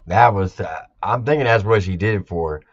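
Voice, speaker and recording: A man's voice: on the low side, moderate pace, highs cut off, over loud music. A man hosting a live album reaction, talking casually and emphatically and repeating his points.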